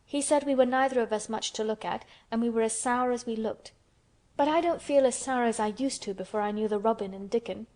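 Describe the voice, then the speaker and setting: Woman reading as frail, eager young boy, higher and a bit lifted; storybook. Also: a little fast, lightly acted. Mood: wistful. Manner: wistful, then breathless with excitement.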